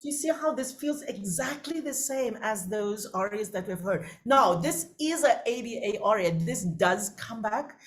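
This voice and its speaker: A woman coaching singers in a masterclass, lively and chatty with quick asides to her students. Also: mid-range voice. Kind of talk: masterclass teaching.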